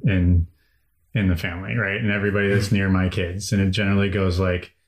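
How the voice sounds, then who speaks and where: A man's voice: sits low, steady tone, a little fast, echoey room. A man from Chicago talking bluntly and heatedly, swearing often, in casual podcast chat. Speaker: parent and co-host.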